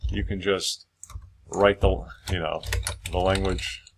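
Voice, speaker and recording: Deep-voiced man rambling through a tutorial. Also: flat delivery, slow, creaky, background noise. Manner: rambling, full of fillers and restarts. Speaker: screenwriting tutor. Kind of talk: casual screen-share tutorial.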